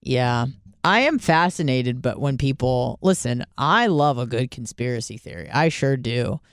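Animated, foul-mouthed male talk host. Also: medium pitch, a little slow, clean tone, no echo, clean studio sound. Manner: animated, swearing, laughs at his own stories. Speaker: call-in show host. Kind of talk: casual profane call-in chat.

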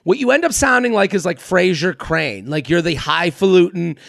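High, gravelly man ranting on a podcast. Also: moderate pace, no room sound, clean studio sound. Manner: animated, profane ranting. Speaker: podcast host. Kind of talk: comedic advice-podcast rant.

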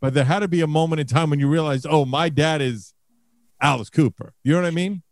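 A man's voice: fairly high pitch, fast talker, no room sound. A man hosting a casual interview, asking long, wandering questions in a conversational way. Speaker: host.

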